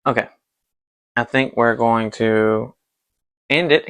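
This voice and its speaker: A man's voice: mid-range voice, steady tone, takes it slowly, a bit bright, clear, resonant tone, no room sound. A young man hosting his painting vlog, chatting loosely and swearing while he paints. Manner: rambling, loose and profane. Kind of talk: casual chat while painting.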